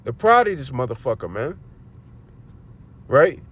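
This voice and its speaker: A man teaching a religious lesson on a livestream in a loud, angry, profane rant. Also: medium pitch, sing-song, measured pace.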